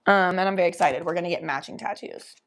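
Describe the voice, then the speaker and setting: A young woman hosting a casual livestream, chatting to viewers in a loose, giggly, profane way while high. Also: quick pace, a little hiss or hum. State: high from smoking weed. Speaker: livestream host. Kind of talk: casual chat reading viewer comments.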